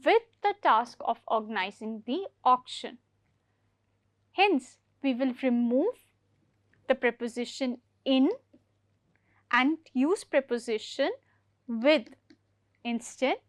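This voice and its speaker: A woman teaching an English grammar lesson for exam preparation, explaining each point slowly and repeating key words. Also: high voice, dry recording.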